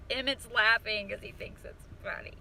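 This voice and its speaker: Bright, chirpy young woman baking at home. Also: on the high side, creaky, a little hiss or hum. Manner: playful, self-deprecating, trips over words. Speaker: home baker vlogger. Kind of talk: casual cooking vlog. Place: home kitchen.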